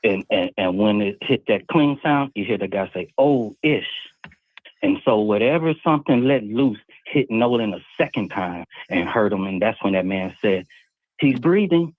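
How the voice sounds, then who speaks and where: A man's voice: lowish voice, moderate pace, few pauses, no echo. A man calling in to a live show, casually rambling as he retells what he heard, step by step. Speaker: caller. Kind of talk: casual call-in talk. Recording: tinny phone line.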